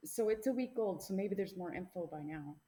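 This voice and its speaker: A woman's voice: on the low side, expressive, brisk, warm tone. A woman co-hosting a casual podcast, presenting the case and teasing her co-host. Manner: playful, teasing, jokey. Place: small home podcast room.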